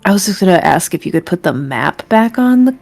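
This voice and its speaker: A woman's voice: medium pitch, big pitch swings, brisk, vocal fry, a little mellow, faint music behind. A woman playing a tabletop role-playing game, chatting and plotting in casual talk. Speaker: player.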